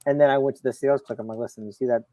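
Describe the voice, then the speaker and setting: A middle-aged man on a video call, a comics show panelist, telling a long personal story in casual chat with lively quoting. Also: mid-range voice, rapid-fire, no room sound, poor audio. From Florida, USA. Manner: storytelling, animated, quotes others.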